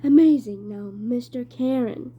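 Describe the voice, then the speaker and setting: A woman reading aloud and voicing a smooth, sly male ferryman of the dead with a put-on British accent. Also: on the high side, measured pace, highs cut off. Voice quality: smooth, cold and sweet.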